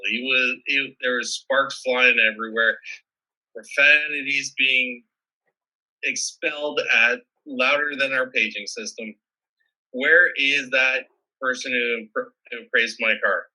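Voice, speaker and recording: A man hosting a show, telling funny stories in a casual, animated way and acting out what people said. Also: medium pitch, low-quality recording. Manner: animated storyteller acting out quotes. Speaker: podcast host. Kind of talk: casual storytelling.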